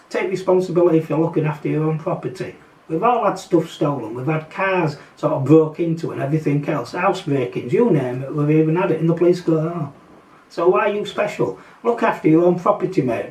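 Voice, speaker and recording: In a casual vlog, a Yorkshireman with a matching accent delivers a blunt, sarcastic opinion rant, full of fillers and mocking asides. He has a fairly high, slightly mellow voice, and the mic sits distant in an echoey room.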